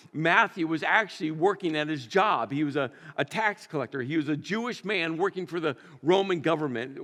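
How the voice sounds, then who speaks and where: A long reverb tail follows this pastor's fairly bright, high-leaning voice as he preaches in a church sanctuary. He tells stories conversationally and drives points home by repeating them emphatically.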